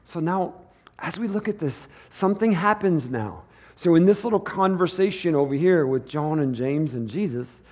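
A man with a fairly high-pitched voice preaches to his congregation. He speaks in a loose, conversational way and slips into the voices of the people in the story. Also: animated, normal speed, darkish tone. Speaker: pastor. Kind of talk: sermon.

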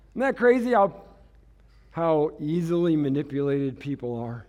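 Animated preacher swinging loud and soft. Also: male voice, sits high, moderate pace. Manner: dramatic, swings from hushed to shouting; laughs often. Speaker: pastor. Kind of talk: sermon. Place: church.

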